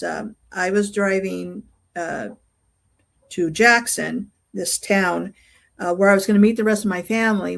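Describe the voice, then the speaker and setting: An older woman, a guest being interviewed, tells a personal story in a halting way, often pausing on fillers and restarting her sentences. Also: fairly low pitch, vocal fry. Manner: halting, full of fillers and restarts while recounting. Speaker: interview guest, UFO investigator.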